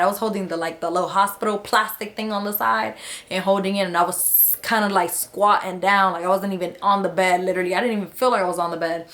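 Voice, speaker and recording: A woman vlogger tells a story casually to a camera held close to her, chatty and slangy, acting out the people she quotes. Her voice is medium-pitched and fairly bright.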